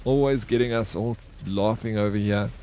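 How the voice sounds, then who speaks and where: A young man chats casually on a gaming live-stream, joking with viewers and swearing freely. His voice is fairly low and dark, at normal speed, with a little hiss or hum in the audio.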